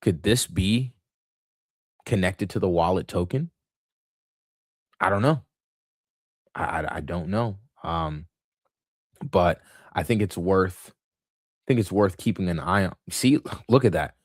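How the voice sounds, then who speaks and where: A man's voice: sits low, lively intonation, takes it slowly, long pauses, no echo, studio quality. A man hosting a casual market commentary livestream, thinking aloud with lots of fillers and restarts, and a touch of hiccups. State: has the hiccups. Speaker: livestream host.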